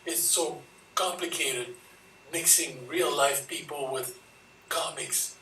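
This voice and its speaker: A man improvising a comic skit in a breathy, half-whispered, animated way. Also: a little high, slow pace. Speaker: improv performer. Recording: roomy sound from far off with faint noise.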